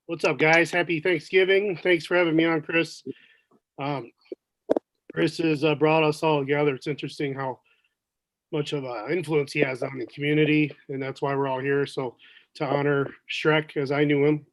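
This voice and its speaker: Male guest comic, a bit high-voiced, halting casual remarks on a video call. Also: little pitch movement, fairly bright tone, no room sound, poor audio. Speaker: guest comedian.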